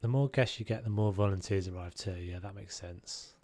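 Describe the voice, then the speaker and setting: Low-voiced man chatting while streaming. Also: fairly quick, dark tone. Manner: chatty, musing aloud, hums tunes. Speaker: game streamer. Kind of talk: casual live-stream chat.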